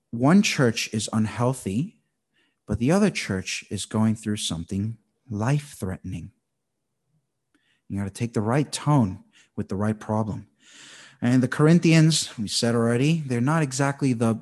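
A man in his thirties preaching a conversational, animated sermon as a pastor, teaching through a Bible passage. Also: mid-range voice, unhurried.

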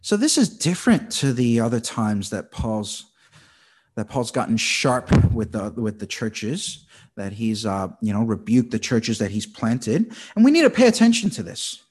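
Animated man preaching a sermon. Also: medium pitch, measured pace, slightly rough. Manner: conversational, animated Bible teaching. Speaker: pastor.

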